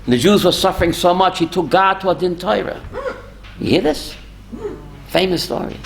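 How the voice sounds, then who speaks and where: A man, a rabbi, telling stories in a lively talk and quizzing his listeners. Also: high voice, moderate pace, creaky, pauses often, a little hiss or hum. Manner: animated, asks the audience questions. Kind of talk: storytelling Torah talk with audience.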